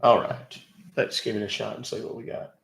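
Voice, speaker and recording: A man's voice: lowish voice, steady tone, a little fast, creaky, roomy sound, low-quality recording. A man hosting a casual live stream, talking in a sarcastic, teasing, chatty way. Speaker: scam-baiting live streamer.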